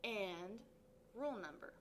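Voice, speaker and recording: A woman's voice: mid-range voice, lively intonation, unhurried. An upbeat woman tutor talks a class through a lesson step by step. She stretches out syllables dramatically to show where the stress falls. A faint background noise sits under her voice. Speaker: Spanish tutor.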